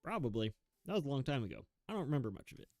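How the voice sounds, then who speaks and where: A man's voice: medium pitch, sing-song, very fast, dark tone, no echo, studio quality. A young man giving rambling, self-mocking commentary while playing a video game, chuckling often. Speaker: gaming YouTuber. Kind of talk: casual gameplay commentary.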